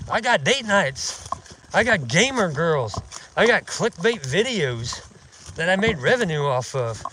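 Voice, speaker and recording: A man's voice: a little high, fairly bright tone, a little hiss or hum. A man hosting an outdoors channel, delivering a profane, mocking, indignant rant while out in the woods. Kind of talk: casual ranting vlog.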